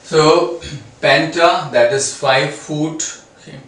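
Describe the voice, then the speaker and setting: A man with an Indian English accent lecturing on poetry, slowly, with frequent pauses and fillers. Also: on the high side, steady tone, a bit bright. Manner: slow, many pauses and fillers. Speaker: literature lecturer. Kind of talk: classroom lecture. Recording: roomy echo, a bit distant.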